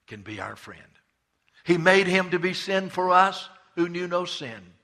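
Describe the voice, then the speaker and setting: A male pastor preaching a fervent sermon. His voice is very bright and a little husky, and it sits somewhat high for a man. He swings between loud, impassioned calls and quiet, hushed asides.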